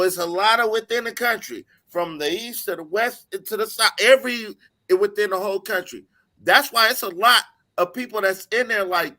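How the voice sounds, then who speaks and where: A man with a high, bright, forceful voice argues on a casual panel podcast. He is blunt and profane and keeps cutting in over the others. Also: normal speed. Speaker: podcast co-host.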